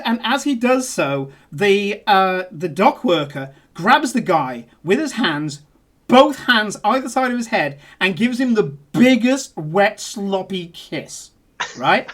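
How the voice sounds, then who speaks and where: A game master narrating a tabletop game in a playful, chatty way. The voice sits at an ordinary middle pitch, and the pace often speeds up mid-scene. Laughter and frequent filler words run through the telling. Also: sing-song, slow pace, a bit bright.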